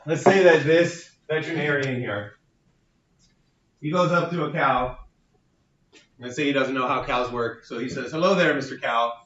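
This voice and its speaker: A man's voice: mid-range voice, a little slow, pauses often, fairly bright tone. Man lecturing in an echoey classroom. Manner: explanatory, frequent "right?" tag questions. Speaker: university instructor. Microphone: room recording from a distance. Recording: echoey classroom from far off, dull.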